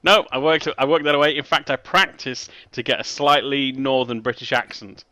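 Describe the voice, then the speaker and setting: Guy doing a polite young guide, no accent, bright dry voice. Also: medium pitch, moderate pace, dry recording, close to an everyday voice. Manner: courteous, plain speech, no put-on accent. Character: polite young male local guide, Oxford-educated.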